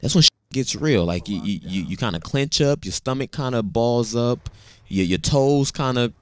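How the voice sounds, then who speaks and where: A man in his thirties casually telling a personal story, animated and slangy, often repeating words as he talks. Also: medium pitch, normal speed, clear, resonant tone, no echo.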